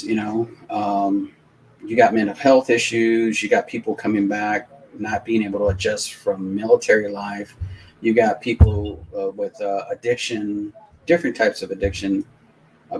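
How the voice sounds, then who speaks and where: A man hosting a live stream, telling a long, rambling anecdote in casual, animated talk with many restarts. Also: on the low side, moderate pace, a little hiss or hum, low-quality recording. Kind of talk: casual storytelling on a live watch-along stream.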